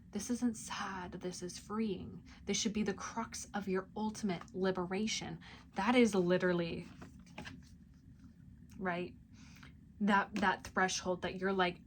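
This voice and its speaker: A woman sharing an intuitive spiritual message with her viewers, speaking softly and intimately, often dropping to a near-whisper, with plenty of casual fillers. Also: mid-range voice, a little hiss or hum. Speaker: spiritual reader and channel host.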